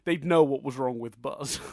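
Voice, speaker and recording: A man's voice: mid-range voice, measured pace, darkish tone, dry recording, studio quality. A man co-hosting a podcast, chatting casually about a film he likes, laughing often and trailing off into restarts. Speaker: podcast co-host. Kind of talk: casual film review chat.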